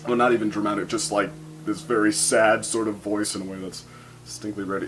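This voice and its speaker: Rambling low-voiced male reviewer. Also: flat delivery, a little fast, a bit bright, slight background noise. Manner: rambling, hesitant, amused. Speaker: cartoon episode reviewer. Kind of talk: casual spoken review.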